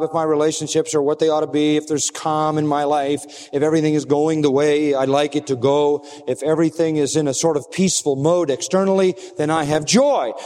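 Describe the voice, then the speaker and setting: A male pastor delivers an expository sermon in a fairly high voice, leaning hard on repeated phrases and swinging his emphasis up and down. His words ring out with the long reverb of a large hall. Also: darkish tone. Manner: emphatic, repetitive preaching with rising and falling emphasis.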